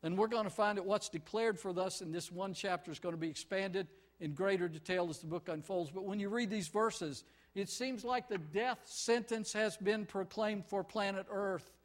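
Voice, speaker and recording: A man preaching a sermon with great passion, building to shouts and then dropping to quiet, pleading prayer. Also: high-pitched, normal speed. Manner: impassioned, swings from shouting to hushed pleading.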